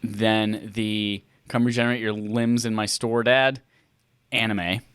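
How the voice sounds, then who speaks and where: A man's voice: fairly low pitch, little pitch movement, a little slow, fairly bright tone, smooth, dry recording, studio quality. A man co-hosting a podcast who plays a quiz, thinking aloud in a jokey, casual way. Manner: thinks aloud, jokey, puts on mock voices. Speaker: podcast co-host playing a quiz.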